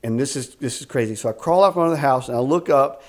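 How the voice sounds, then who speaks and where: A man in his fifties tells stories at a middle pitch. He is animated and keeps restarting his sentences, and his talk is full of faith. He sounds like a ministry leader chatting in a casual interview. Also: fast. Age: 50s. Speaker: executive director of a ministry camp. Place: a house at a rural camp.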